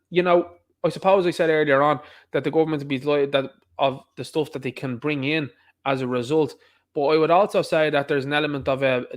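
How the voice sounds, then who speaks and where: A man with an Irish accent delivering an opinionated monologue, emphatic and repetitive, firing off rhetorical questions. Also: on the high side. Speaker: online commentator.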